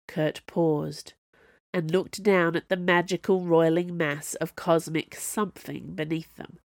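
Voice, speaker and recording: A woman narrating a novel as an audiobook, with expressive storytelling. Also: sits low, unhurried, dry recording, clean studio sound. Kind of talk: scripted narration.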